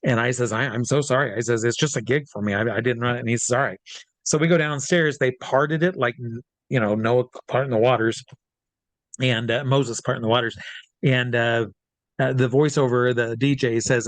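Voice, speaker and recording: A man, a drag performer and hypnotist, telling a lively anecdote as an interview guest, acting out the quoted voices and swearing freely. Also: medium pitch, normal speed, no echo. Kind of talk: casual storytelling in an interview.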